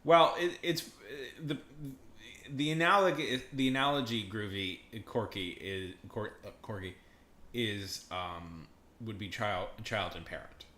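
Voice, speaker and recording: A man chats loosely on a live stream, joking and wandering off mid-sentence. His voice sits a bit low but has a bright, forceful edge. The room is echoey with faint ambient noise behind him. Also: measured pace. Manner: rambling, joking, laughing, trailing off. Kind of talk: casual live-stream chat.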